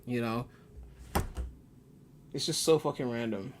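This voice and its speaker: A man's voice: mid-range voice, moderate pace, a bit bright. Young british guy w a mixed west african accent, chill and sweary, rambly game stream chat, mid voice. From United Kingdom. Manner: laid-back, swears freely, rambling asides. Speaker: gaming streamer. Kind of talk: casual live-stream commentary.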